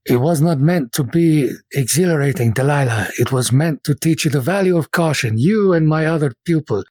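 A man voicing a calm, measured older fencing master lecturing his pupil in a tabletop game. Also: a little high, no room sound.

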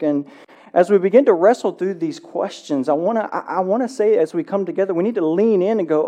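Pastor, young adult, warm mellow tone, relaxed conversational sermon delivery. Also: mid-range voice, a little fast. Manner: conversational preaching with frequent "right?" tags.

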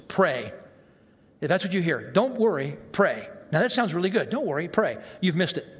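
A man preaching a sermon as pastor, animated and self-mocking, acting out the reactions he quotes. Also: high voice. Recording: long hall reverb.

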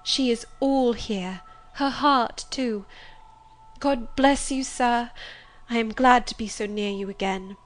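A woman reading aloud and voicing a gentle, steadfast young woman who speaks softly and reassuringly. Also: a little high, takes it slowly. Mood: tender. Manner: soft, tender, reassuring.

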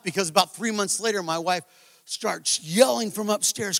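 A man giving a sermon testimony, telling a story that builds to loud, emphatic moments, recorded live in a large church. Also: high voice, moderate pace. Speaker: guest preacher. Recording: live church hall reverb.

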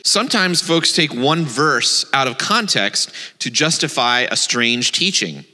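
A man giving a sermon as a rabbi, telling a children's story in an animated way before teaching. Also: on the high side, big-room sound. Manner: animated storyteller, shifts between playful and earnest.

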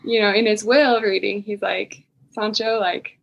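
A woman's voice: mid-range voice, steady tone, moderate pace, gravelly, husky, highs cut off. A woman taking part in a class discussion, speaking casually and thoughtfully with many likes.

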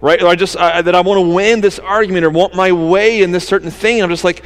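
A man's voice: sits high, fairly even intonation, quick pace, long reverb tail. A man preaching a sermon to his church, earnest and conversational, asking the listeners rhetorical questions. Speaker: pastor.

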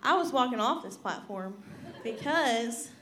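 A woman's voice: fairly high pitch, animated, measured pace, sharp tone. A heavily pregnant, congested woman giving a candid personal testimony in church, near tears and laughing through it. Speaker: pastor's wife and singer. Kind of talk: personal testimony before singing. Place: church sanctuary. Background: piano and guitar playing.

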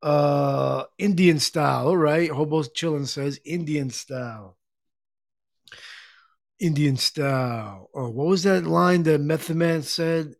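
Slow, halting male podcast host. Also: fairly high pitch, no echo, clean studio sound. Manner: slow, halting, many fillers and restarts, frequent throat clearing. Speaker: podcast and internet radio host. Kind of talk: casual live-stream chat reading comments.

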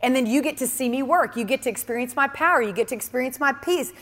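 A woman's voice: high-pitched, quick pace, a bit bright, big-room sound. A woman preaching a sermon in an earnest, emphatic way, often repeating key phrases.

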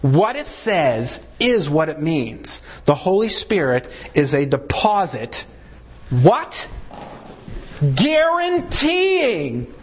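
A man preaching a sermon, acting out short exchanges and punching key words for emphasis. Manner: animated preaching, swings pitch widely for emphasis; acts out short dialogues between God and a sinner. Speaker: pastor.

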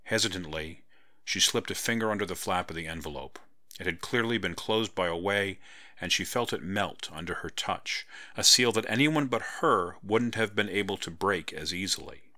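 Man, audiobook narrator, steady storytelling, very deep voice, bright forceful tone. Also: normal speed, no room sound. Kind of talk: scripted narration.

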